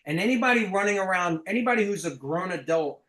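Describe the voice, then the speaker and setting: Blunt, emphatic high-voiced sales coach. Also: male voice, lively intonation, quick pace, a bit bright, reverberant, poor audio. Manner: blunt, emphatic, swears casually.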